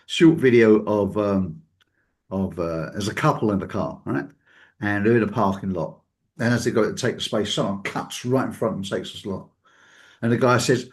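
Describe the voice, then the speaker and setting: A man's voice: lowish voice, moderate pace. A man hosting a reflective talk show, speaking loosely and conversationally, with frequent fillers and chuckles, acting out the people he quotes. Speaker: podcast host.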